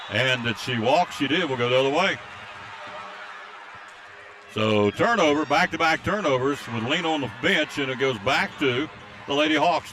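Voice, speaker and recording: A man calling a high school basketball game play by play from courtside, reading out scores and listener greetings. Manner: rapid excited calls during fast plays, reads out listener greetings. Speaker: play-by-play announcer. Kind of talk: live basketball play-by-play commentary. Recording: faint crowd noise at a game.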